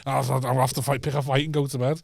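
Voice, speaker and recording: A man's voice: mid-range voice, little pitch movement, quick pace, gravelly. A man telling family stories in casual podcast chat, swearing freely and acting out his dad's outbursts. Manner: swearing storyteller, mimics his shouting dad. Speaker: podcast host.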